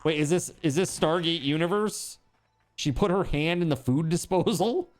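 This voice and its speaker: A man's voice: a little high, lively intonation, normal speed. A man streaming a game, chatting casually in a rambling, joking way, swearing now and then and packing his talk with fillers.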